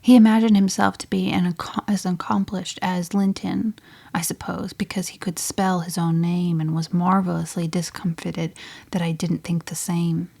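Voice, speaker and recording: A woman voicing a spirited, headstrong teenage girl telling her story in an audiobook, often sinking to a breathy near-whisper. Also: lowish voice, little pitch movement, normal speed, mellow. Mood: telling a secret. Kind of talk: audiobook reading.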